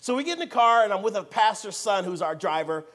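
An American man preaching a sermon, telling a story in an animated, theatrical way and acting out the dialogue. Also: high-pitched, fast talker. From United States.

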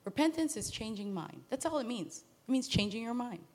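A woman preaching in a casual, storytelling way, acting out the characters in quick asides. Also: fairly high pitch, animated, darkish tone. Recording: long hall reverb.

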